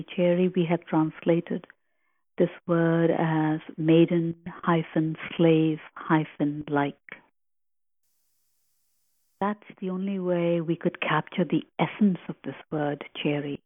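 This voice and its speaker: A woman giving a slow, reverent spiritual commentary on a sacred hymn, reflective and full of pauses. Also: fairly low pitch, steady tone, no room sound. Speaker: podcast host explaining scripture. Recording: tinny phone-like line.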